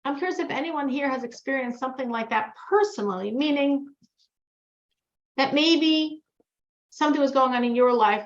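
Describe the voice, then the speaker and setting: Woman teacher, high voice, lively class delivery with loud and hushed swings, muffled lo-fi audio. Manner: animated, swings between loud emphatic and hushed lines. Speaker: Torah teacher. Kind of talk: spoken class to a group. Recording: dull, lo-fi recording.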